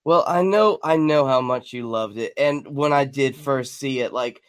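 Wry man, mid-pitched voice. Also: moderate pace, smooth, dry recording, studio quality. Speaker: podcast co-host. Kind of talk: casual chat.

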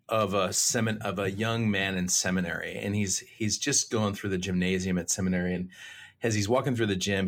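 Husky low-voiced man telling faith stories. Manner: animated storyteller, many restarts. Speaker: guest. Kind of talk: faith talk show storytelling.

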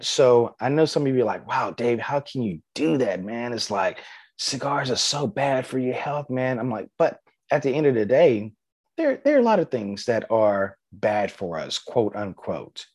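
A man's voice: mid-range voice, a little mellow, no room sound. Chatty male podcast host, dry sound. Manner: conversational, filler-heavy, encouraging. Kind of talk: casual solo podcast talk.

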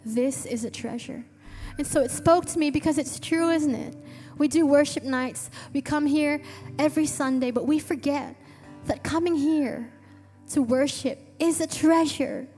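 A woman's voice: high-pitched, steady tone, normal speed, mellow. A woman preaching a sermon to her church, telling an earnest story with eager restarts. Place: church hall. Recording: long reverb with faint music.

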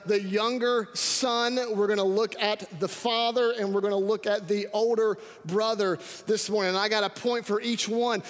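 A man preaching a sermon as pastor, energetic and calling out to his congregation. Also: sits high. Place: church sanctuary. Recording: reverberant hall.

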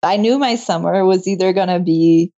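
A woman's voice: lowish voice, normal speed, mellow. Young woman guest, laughs a lot, heartfelt storytelling, slightly muffled lo-fi recording. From moved to Canada. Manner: laughs often, emotional storyteller. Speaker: guest, medical student. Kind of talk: casual interview chat. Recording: muffled lo-fi audio.

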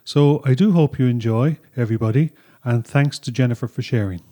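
A man co-hosting a podcast, explaining things in a relaxed way with filler words. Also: mid-range voice, a little fast. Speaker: podcast co-host. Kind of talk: explanatory conversational podcast talk. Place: home studio.

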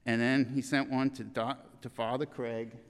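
An older man giving a eulogy in a church, reading in an earnest, halting way with restarts. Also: mid-range voice, flat delivery, in a large hall, slight background noise.

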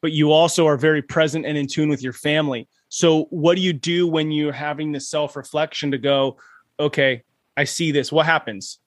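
A man hosting a podcast in casual chat, relaxed and laughing along, saying dude. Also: fairly high pitch, normal speed, no echo, studio quality. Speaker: podcast host.

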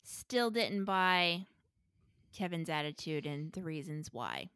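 A woman's voice: on the low side, expressive, slow pace, a bit bright, clear, resonant tone, no echo, clean studio sound. A woman co-hosting a podcast, giving frank opinions in a casual chat and laughing between remarks. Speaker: podcast co-host. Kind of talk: casual movie review chat.

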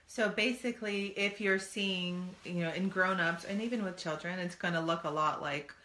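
A middle-aged woman with a notably low voice, talking earnestly like a coach in casual conversation. Her voice carries a roomy echo. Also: moderate pace, sharp tone. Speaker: podcast co-host.

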